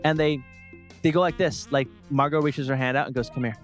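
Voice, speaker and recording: A man's voice: on the high side, fairly even intonation, brisk, faint music behind. A man co-hosting a podcast in casual banter, telling a playful, rambling story and joking with his co-host.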